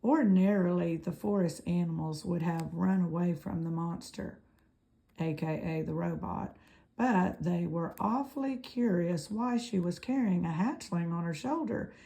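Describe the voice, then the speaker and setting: Slow, gravelly woman reading aloud. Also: on the low side, mellow, poor audio. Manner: unhurried, with occasional slips and self-corrections. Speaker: reader. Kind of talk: reading a children's novel aloud.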